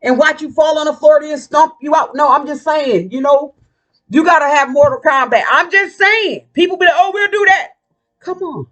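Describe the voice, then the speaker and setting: A woman's voice: sits high, normal speed, fairly bright tone. A woman vlogger ranting in a casual monologue, blunt, profane and combative.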